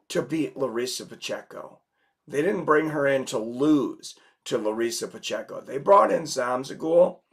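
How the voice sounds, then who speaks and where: A man who is sick and losing his voice, hosting a casual livestream and talking through viewer comments in a rambling way. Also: medium pitch. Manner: rambling, filler-heavy. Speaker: livestream host.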